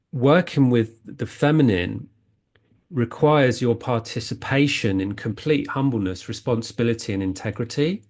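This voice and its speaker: A man's voice: medium pitch, creaky, a little mellow. A man talking earnestly as a spiritual healing coach, rambling and often restarting his sentences. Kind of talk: casual spiritual talk.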